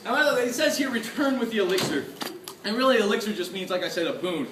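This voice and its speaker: A man giving a lively convention panel talk, excitable, laughing often and acting out his own reactions. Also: high-pitched, fast, noisy background. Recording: echoey room, from far off.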